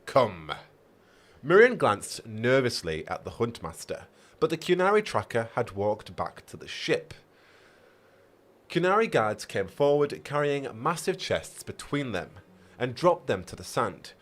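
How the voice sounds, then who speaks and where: Animated man reading a story on stream. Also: mid-range voice, unhurried. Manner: stumbles and rereads, chatty asides.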